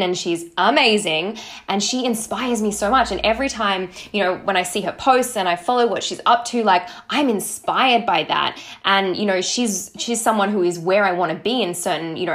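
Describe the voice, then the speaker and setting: A woman hosting a podcast, giving a casual motivational talk in a chatty, upbeat way and checking in with her listeners as she goes. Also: mid-range voice. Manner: acts out her own past thoughts in quotes. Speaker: podcast host, social marketing entrepreneur.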